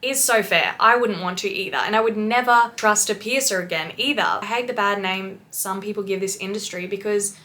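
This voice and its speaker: A woman's voice: medium pitch, fairly quick, hardly any pauses, sharp tone. A woman piercer reacting to clips in casual commentary, explaining patiently and swearing bluntly.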